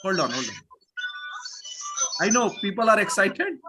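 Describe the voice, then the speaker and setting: A man's voice: sits high, very animated, normal speed, over music. A man with an Indian accent teaching a live online English lesson, emphatic and repeating words as he drills pronunciation.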